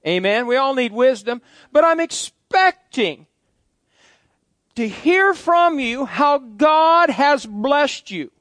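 Male pastor, middle-aged, folksy preacher, high-pitched voice, dry close mic. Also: very animated, slow, a bit bright, no room sound. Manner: folksy, joking asides to the congregation. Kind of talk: sermon.

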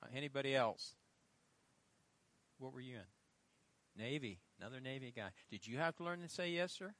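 A middle-aged male pastor preaching a sermon, telling stories with loud emphatic lines and quiet asides. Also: medium pitch, animated, moderate pace. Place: church.

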